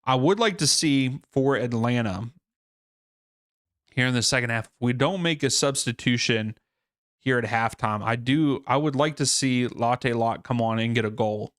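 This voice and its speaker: A man hosts a live soccer watchalong stream, chatting casually and thinking out loud with fillers and restarts. His mid-range voice moves at a normal pace with a fairly bright tone, recorded dry at studio quality.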